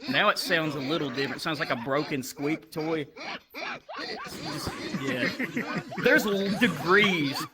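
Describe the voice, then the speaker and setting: Animated man telling a story. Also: fairly high pitch, unhurried, long pauses. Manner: animated, acts out characters with shifting voices. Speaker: stand-up comedian. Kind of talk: stand-up storytelling. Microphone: VR headset mic. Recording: live crowd audible. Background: crowd laughter.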